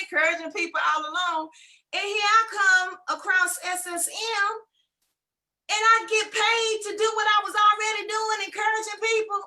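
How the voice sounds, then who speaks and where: A middle-aged woman giving an excited, folksy testimonial over a video call, gushing and laughing often. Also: very high voice, normal speed. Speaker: webinar testimonial speaker.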